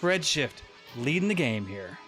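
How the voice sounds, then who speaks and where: A man's voice: mid-range voice, sing-song, measured pace, fairly bright tone, soft background music. A man co-casting an esports match, laid-back and wry in his color commentary. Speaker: esports co-caster.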